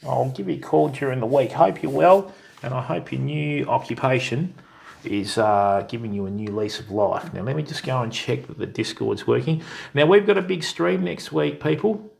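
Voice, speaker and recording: Aussie bloke with a bit of gravel in his voice, chatty, greets everyone as mate. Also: mid-range voice, moderate pace, darkish tone. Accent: Australian. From Australia. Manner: friendly, greets viewers by name, calls people mate and bud. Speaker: fishing stream host. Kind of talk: casual live-stream chat.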